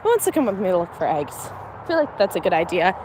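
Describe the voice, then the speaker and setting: A woman's voice: on the low side, big pitch swings, fast talker, darkish tone. A young woman chatting casually on a farm livestream, laughing often and talking to her animals outdoors. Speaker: homestead livestreamer. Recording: faint outdoor noise.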